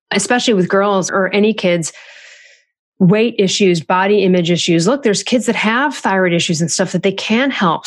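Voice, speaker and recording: A chatty woman author talks through parenting advice in a loose podcast style. She sounds animated and conversational, and her pitch leaps up whenever she acts out what someone said. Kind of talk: casual podcast talk.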